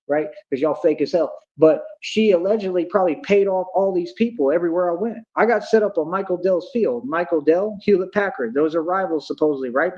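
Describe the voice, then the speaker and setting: A man's voice: a little high, darkish tone, dull audio. A man hosting a livestream, ranting in an agitated, accusatory and taunting way. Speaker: livestream host.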